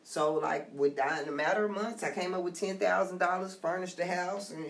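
A middle-aged woman telling her story in casual conversation, blunt and streetwise, animated as she talks. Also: fairly low pitch, a little fast. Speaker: guest sharing her story. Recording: echoey room, somewhat far from mic.

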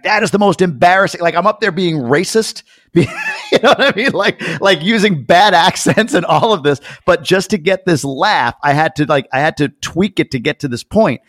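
A man hosting a podcast interview, telling stories in an animated way and swearing casually. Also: a little high, no room sound, studio quality. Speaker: podcast host. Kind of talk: casual interview chat, storytelling.

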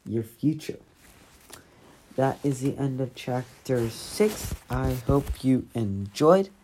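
A woman reading a novel chapter aloud in a measured, unhurried storytelling manner. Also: extremely low pitch, lively intonation, dark tone, slight background noise, poor audio. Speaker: audiobook reader.

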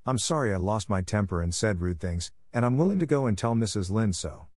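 A man's voice: on the low side, expressive, brisk, darkish tone, no room sound, studio quality. A man voicing an imaginative, talkative young orphan girl in a storybook reading, speaking in a dramatic, effusive and earnest way. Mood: pleading.

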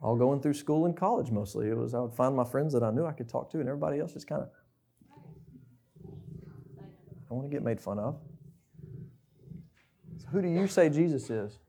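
Young man, sermon, conversational, questioning, mellow tone, mid pitch. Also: racing, vocal fry. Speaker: preacher.

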